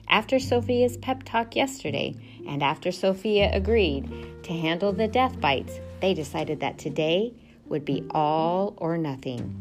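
Low-voiced woman reading a storybook. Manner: expressive, steady narration. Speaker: narrator. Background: music.

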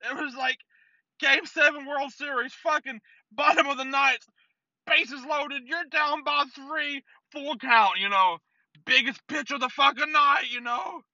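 Very high, bright-voiced ranting man. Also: steady tone, measured pace, no room sound. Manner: rambling, heavy swearing, lots of "like". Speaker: comedic storyteller. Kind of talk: profane comedic rant. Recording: dull, dry lo-fi sound.

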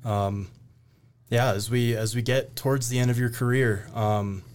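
A man's voice: mid-range voice, fairly even intonation, a little slow, darkish tone, a little hiss or hum. A young man, a cadet hosting a podcast, asking interview questions in a casual, hesitant way. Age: young adult.

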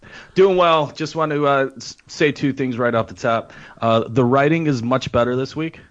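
A man's voice: mid-range voice, normal speed, no echo, dull audio. A man from the United States, a podcast guest, upbeat and playfully complimentary in casual chat.

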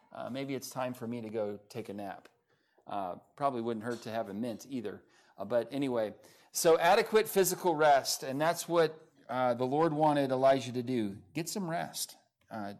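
A middle-aged man preaching a sermon, telling stories in a relaxed, conversational way with many fillers and small chuckles. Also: mid-range voice. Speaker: pastor.

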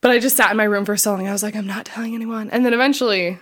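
A young adult woman shares her personal testimony on a podcast she co-hosts. She talks in a relaxed, rambling way, packed with fillers. She often re-enacts what she said back then. Her voice sits at an ordinary middle pitch. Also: rapid-fire. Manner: chatty, filler-heavy, quotes her past self. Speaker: podcast co-host.

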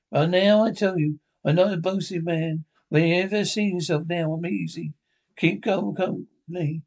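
A man reading aloud and voicing a cunning, boastful old pirate quartermaster in rough sailor dialect. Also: a little high, darkish tone.

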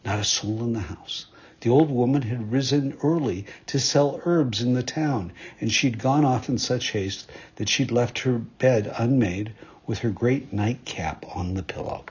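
A male storyteller reads a fairytale in a husky, breathy voice of middle pitch. His telling is measured and expressive. The recording has a dull, muffled lo-fi sound. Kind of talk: fairytale narration.

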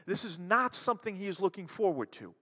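A man delivers a sermon as pastor in a high, lively voice that leaps up and drops away as he acts out the quoted voices. He swings between loud bursts and quiet, slow passages. A long reverb from the hall trails behind him. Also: slightly rough.

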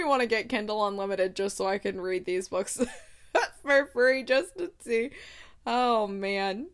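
Woman, casual book chat, laughing, incredulous reactions, medium pitch. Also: unhurried. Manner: laughing, incredulous, reads blurbs aloud. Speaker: book vlogger.

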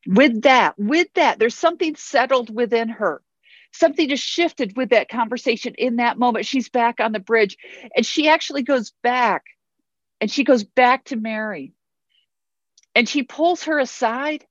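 A woman's voice: on the high side, normal speed, no echo, dull audio. A woman pastor preaching a sermon in an earnest way, repeating phrases for emphasis.

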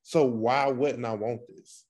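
Man podcast cohost, earnest and reflective, mid pitch, kinda halting. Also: steady tone, a little mellow. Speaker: podcast co-host. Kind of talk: casual podcast chat.

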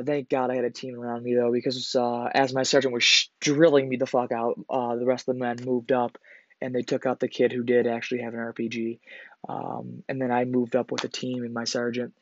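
A man hosts a podcast and tells a personal story in a loose, rambling way, swearing often and restarting his sentences. His voice sits at an ordinary pitch. It is recorded close and dry, with a slightly dull, lo-fi sound. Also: dry recording. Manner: profane, rambling, lots of fillers and restarts. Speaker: podcast host.

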